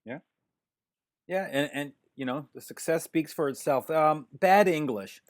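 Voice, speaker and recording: Brief: male interview host, jokey and conversational, slightly higher voice, rambling questions. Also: measured pace. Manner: jokey, chatty questions with many restarts. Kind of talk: casual interview chat.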